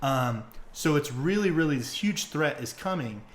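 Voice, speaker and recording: A young man hosting a podcast, retelling stories in casual, excitable chat full of fillers and swearing. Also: a little high, moderate pace. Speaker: podcast host.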